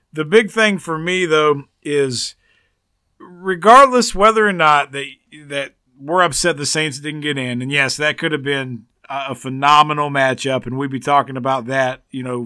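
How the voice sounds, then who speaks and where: Man, podcast co-host, bright forceful tone, dry close mic, animated sports banter. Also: a little high, normal speed, clean tone, no room sound. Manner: animated, teasing, emphatic. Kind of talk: casual sports chat.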